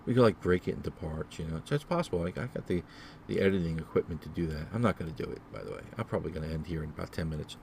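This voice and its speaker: Low, dark-voiced man rambling solo. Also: very fast, gravelly, a little hiss or hum. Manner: rambling and repetitive, many fillers. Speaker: podcast host. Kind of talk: solo casual podcast monologue.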